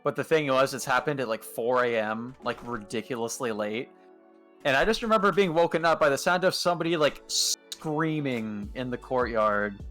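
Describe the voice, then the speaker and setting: A man's voice: mid-range voice, expressive, normal speed, a bit bright, soft background music. A young man in his twenties, a streamer chatting casually and rambling through anecdotes with many fillers. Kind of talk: casual chat.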